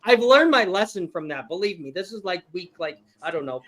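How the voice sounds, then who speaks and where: A man's voice: high-pitched, animated, fairly quick, crowd noise. A man hosting a casual live-stream game show, laughing often and reading viewer chat aloud.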